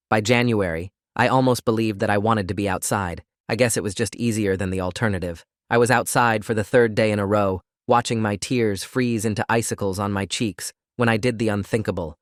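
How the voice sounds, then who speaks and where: A man narrates a first-person story in a steady, scripted reading voice. His pitch sits on the low side, and the sound is dry and close with no room echo. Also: a little fast, hardly any pauses.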